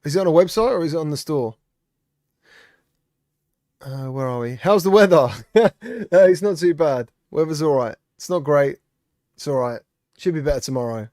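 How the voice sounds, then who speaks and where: A man's voice: fairly high pitch, expressive, normal speed, long pauses, a little mellow, no room sound, studio quality. Chatty man greeting live-stream viewers. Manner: chatty, reads out viewer comments and greets them. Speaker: streamer host. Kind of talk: casual live-stream chat.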